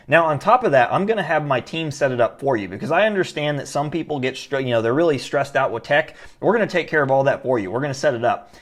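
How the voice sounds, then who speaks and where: A man teaching online marketing in a casual whiteboard tutorial, energetic and full of fillers. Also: mid-range voice.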